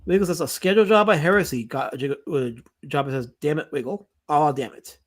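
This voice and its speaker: With a fairly high pitch and a brisk delivery, a man with a Southern US accent hosts an informal comics live stream. He reads chat aloud, repeating himself, in an animated, jokey way.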